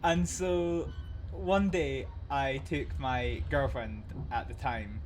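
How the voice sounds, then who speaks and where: A man's voice: mid-range voice, takes it slowly, slight background noise. A young Scottish man hosting a train simulator livestream, rambling casually through anecdotes with lots of swearing, fillers and laughter. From Scotland. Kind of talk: casual gaming commentary with anecdotes.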